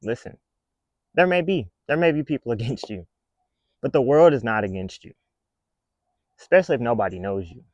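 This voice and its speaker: A man's voice: mid-range voice, expressive, moderate pace, pauses often, darkish tone, no echo, lo-fi sound. A man talking to camera in a casual commentary rant, blunt, emphatic and scolding. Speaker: vlogger.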